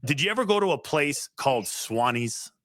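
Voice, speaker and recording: A man in his forties hosting a casual interview, asking chatty, eager questions. His voice is bright and forceful, and the recording is close and dry with no room sound. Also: fairly high pitch, lively intonation, normal speed, no room sound. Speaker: podcast host, former football player.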